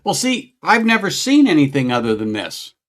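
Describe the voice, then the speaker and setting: A man's voice: on the high side, wildly swooping pitch, normal speed, a bit bright. A middle-aged man chatting casually on a whiskey-tasting livestream, musing aloud and greeting viewers. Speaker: livestream host.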